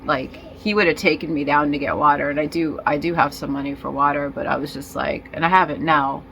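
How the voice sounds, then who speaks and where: A woman talking in a casual personal vlog, rambling and halting with many fillers and restarts, in nicotine withdrawal and feeling disoriented. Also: low-pitched, fairly even intonation, a bit bright, a little hiss or hum, low-quality recording. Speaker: vlogger.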